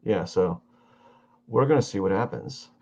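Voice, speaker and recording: A tired, yawning man chatting casually while he draws on a live stream, rambling and halting with many fillers. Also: lowish voice, darkish tone, slightly rough, dull audio. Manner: meandering, halting, self-talk with fillers. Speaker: artist streaming his drawing.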